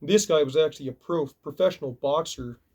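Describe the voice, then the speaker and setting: Brief: male vlogger telling a story, lively and casual, acting out the fight with sound effects. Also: on the high side, fairly quick. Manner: animated, acts out punches with sound effects. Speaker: video reviewer.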